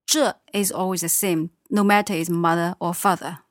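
A woman's voice: lowish voice, steady tone, moderate pace, dry recording, studio quality. A woman teaching a language, a native speaker of Chinese, giving short, patient answers and confirmations. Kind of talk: casual teaching dialogue.

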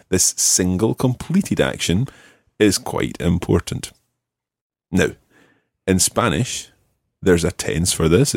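A man's voice: sits low, vocal fry, darkish tone, slightly rough, no room sound, clean studio sound. A man teaching Spanish one to one, patient, repeating each word for his student. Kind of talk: one-to-one language lesson.

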